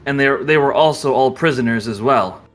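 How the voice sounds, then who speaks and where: A man's voice: medium pitch, moderate pace, soft background music, lightly acted. A game master voicing a matter-of-fact male dragonborn guide who introduces a team. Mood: brisk.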